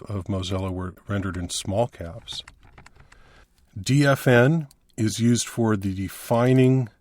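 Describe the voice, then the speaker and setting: Low-voiced man teaching a coding lesson. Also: darkish tone, no echo. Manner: plain step-by-step explaining. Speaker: instructor.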